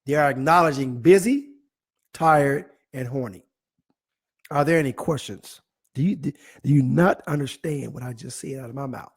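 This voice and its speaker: A male host chatting live to his online audience, his pitch sitting squarely in the middle for a man. He reads viewer messages aloud and answers them playfully. His delivery stays animated and teasing throughout. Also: normal speed, breathy edge. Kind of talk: live online talk show, reading viewer comments.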